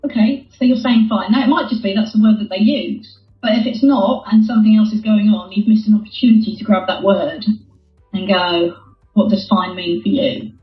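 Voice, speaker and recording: A woman's voice: mid-range voice, fairly even intonation, normal speed, faint music behind. A woman guest, a former hostage negotiator, speaking in a thoughtful conversational way and repeating her key phrases. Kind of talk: conversational interview. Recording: dull lo-fi roomy call audio.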